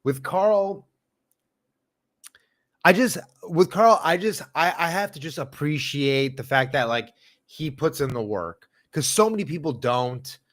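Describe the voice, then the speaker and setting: Animated comedian guest, slightly high voice. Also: male voice, measured pace. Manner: animated, slangy, mocking. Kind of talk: casual podcast chat.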